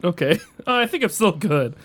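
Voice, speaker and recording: A male tabletop player in casual banter, with a fairly high voice that bounces around a lot. He jokes and keeps questioning what happens. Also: very animated, fairly bright tone. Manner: joking and quick to question.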